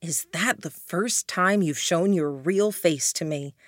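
A pleading storybook witch with a low, earnest voice, as a woman reads her. She speaks with sincerity and keeps her tone close and dry, with no room sound. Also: slow pace, dry recording. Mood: bitter. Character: remorseful middle-aged woman, a witch, pleading.

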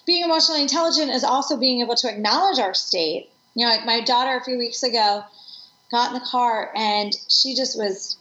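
A woman's voice: on the high side, a little fast, bright, forceful tone. A middle-aged woman speaking as an interview guest, reflective and earnest as she tells personal stories. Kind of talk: conversational interview. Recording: echoey room, dull lo-fi sound.

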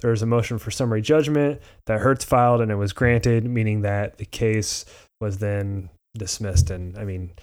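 A man's voice: lowish voice, steady tone, normal speed, a little mellow. A man co-hosting a podcast in casual chat, explaining a legal case in a rambling way and correcting himself as he goes. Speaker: podcast co-host.

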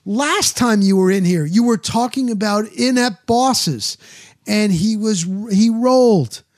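A man's voice: high voice, unhurried, dry recording, clean studio sound. A male radio host telling a casual bar story, acting out the quoted voices of the people in it. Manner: animated, acts out quoted voices.

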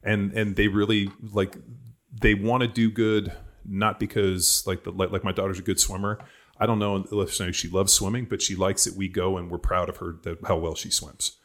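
A man in his forties with a very low, deep voice hosts a casual podcast chat. He rambles through stories, leaning on "like" and dropping the odd swear word. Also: level tone, normal speed. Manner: rambling storyteller, heavy use of "like", swears casually. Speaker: podcast host.

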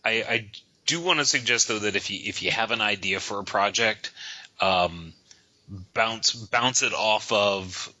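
A man co-hosting a podcast, giving advice in a halting way and often repeating his words. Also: on the low side, bright, forceful tone, dry recording, dull audio. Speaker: podcast co-host. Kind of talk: casual panel chat.

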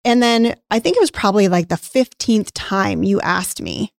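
Candid woman telling a personal story, gravelly edges. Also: mid-range voice, lively intonation, normal speed, few pauses, no room sound, clean studio sound. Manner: candid storytelling, acts out past dialogue. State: emotional at times. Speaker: podcast co-host, former nutrition practice owner. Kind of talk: casual conversational podcast.

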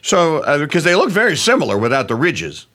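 A man co-hosting a casual radio chat, rambling and halting with many fillers. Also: fairly high pitch, sing-song, sharp tone. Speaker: radio show co-host. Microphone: earbud headset.

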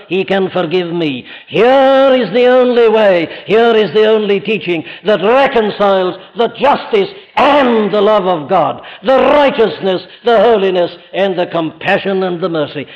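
A man with a Welsh accent preaching a sermon in an emphatic manner that rises to impassioned cries. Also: high-pitched. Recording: dull archival recording in a reverberant hall.

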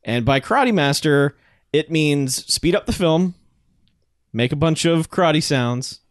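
A man co-hosting a casual podcast, recapping a movie in an animated way and laughing often. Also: on the high side, unhurried, dry recording, studio quality. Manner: animated storyteller, acts out bits, laughs often. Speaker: podcast co-host.

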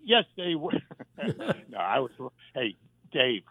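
A man, a former sitcom writer and warm-up comic, telling lively anecdotes in a casual interview and acting out the voices he quotes. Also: medium pitch, takes it slowly, no echo. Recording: dry phone line.

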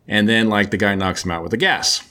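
Male host, lowish voice, loose conversational recap, filler-heavy. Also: fairly quick, bright, forceful tone. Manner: loose and chatty, many "um" and "like" fillers. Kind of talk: casual comic book recap.

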